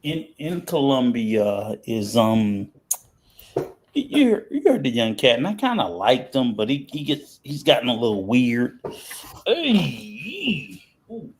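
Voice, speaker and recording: A man in his fifties chatting casually on a podcast, halting with many fillers and restarts, then ranting with heat. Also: medium pitch, sing-song, slight background noise. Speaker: podcast host.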